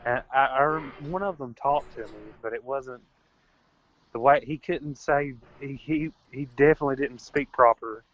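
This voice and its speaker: A man's voice: mid-range voice, moderate pace, dull audio. A man as a guest in a casual chat over a call, rambling and leaning on fillers.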